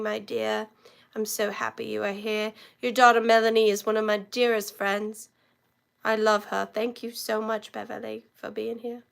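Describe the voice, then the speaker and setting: Gravelly woman with a sore throat. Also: on the high side. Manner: chatty, greets viewers by name while showing items. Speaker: online reseller hosting a live auction. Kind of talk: live-stream selling chat.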